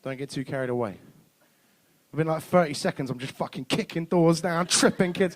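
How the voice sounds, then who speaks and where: A man's voice: on the high side, fast talker. A man, doing a stand-up comedy set in a club, swearing and acting out bits of dialogue. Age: 30s. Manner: swearing, acts out dialogue with shifts of voice.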